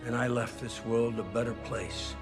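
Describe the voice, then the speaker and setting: An actor playing a weary older father figure who speaks slowly and earnestly in a dramatic TV scene. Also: medium pitch, steady tone, loud music behind the voice, close to an everyday voice. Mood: earnest, solemn. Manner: slow, measured, earnest speech. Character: weary older father, stern but principled. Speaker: patriarch figure in a TV series.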